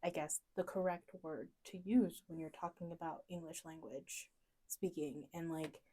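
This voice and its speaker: A woman's voice: low-pitched, steady tone, moderate pace, dark tone. Woman, student podcast co-host, casual academic chat, hesitant and filler-heavy.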